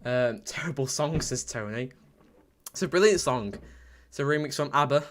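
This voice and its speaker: With a mid-range voice and moderate pace, a young fan streamer narrates a football match as it happens. He reads his chat out loud, says things more than once, and gets shouty and excited at the biggest plays.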